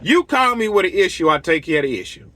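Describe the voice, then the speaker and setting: With big pitch swings and a quick pace, this middle-aged man speaks high, his tone pushed and bright, with no echo. As a lawn care business owner and channel host, he rants casually to camera in a blunt, heated manner. He acts out conversations, repeating himself and quoting dialogue as the stories unfold.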